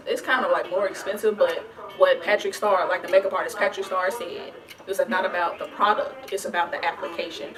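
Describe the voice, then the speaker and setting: A young woman from the American South answering viewer questions in a chatty, rambling vlog, full of restarts and "like". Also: mid-range voice. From Southern United States. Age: young adult. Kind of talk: casual Q&A vlog.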